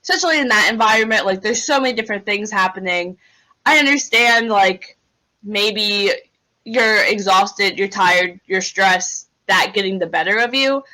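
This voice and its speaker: A woman co-hosting a podcast, talking fast and with animation in casual chat, saying "like" often. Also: medium pitch, pushed and bright, rough recording. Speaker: podcast co-host.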